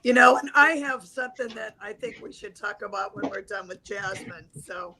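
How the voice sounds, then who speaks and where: A woman's voice: on the high side, moderate pace, vocal fry, a crowd in the background, poor audio. A woman guest explaining astrology in a rambling, conversational way over a video call. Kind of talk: casual livestream chat.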